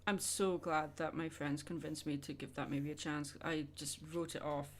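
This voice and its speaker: A woman's voice: low voice, steady tone, normal speed, a little hiss or hum. A young woman chatting casually with her viewers during a drawing livestream, rambling and answering questions as she goes. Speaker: art streamer.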